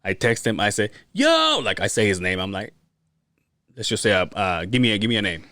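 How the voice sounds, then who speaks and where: Male podcast host, animated profane storyteller, expressive pitch, dry close sound. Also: fairly quick, dry recording. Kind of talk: casual storytelling chat.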